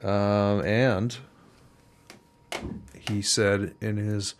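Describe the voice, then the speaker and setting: A man hosting a community radio music show, casually back-announcing tracks in a relaxed, rambling way with many ums. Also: lowish voice, drawn-out words.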